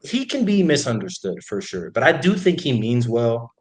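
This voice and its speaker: A man's voice: medium pitch, normal speed. A young man, a former football player, telling stories in a chatty interview with lots of "like"s. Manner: animated, chatty, many fillers. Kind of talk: casual storytelling interview.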